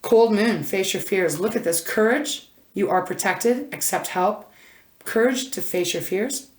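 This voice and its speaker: A woman's voice: medium pitch, measured pace, darkish tone. Chatty woman reading cards in an echoey room. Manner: chatty, rambling, self-interrupting, frequent "oh my gosh". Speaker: intuitive tarot reader. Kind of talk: casual card reading to camera. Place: indoor room. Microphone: camera mic.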